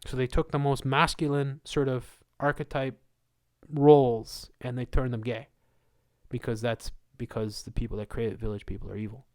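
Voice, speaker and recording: Male livestream host, mid-range voice, casual conspiratorial rambler who laughs a lot. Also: medium pitch. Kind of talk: live Q&A monologue.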